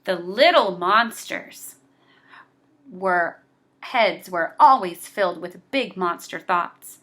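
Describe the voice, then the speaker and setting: A woman reading a children's picture book aloud, slow and expressive. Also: lowish voice. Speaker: storybook reader.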